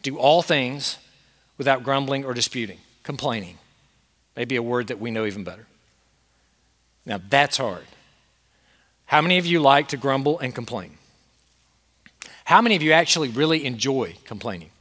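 A man's voice: mid-range voice, expressive, moderate pace, pauses often, a bit bright, long reverb tail. A man preaching a sermon as pastor to a congregation in a church, earnest and emphatic, asking the crowd questions. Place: church sanctuary with a masked congregation.

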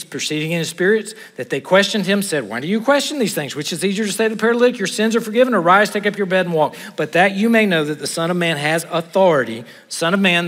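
A man preaching a sermon, animated and acting out the people in the story he reads. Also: on the high side, long reverb tail. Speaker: pastor.

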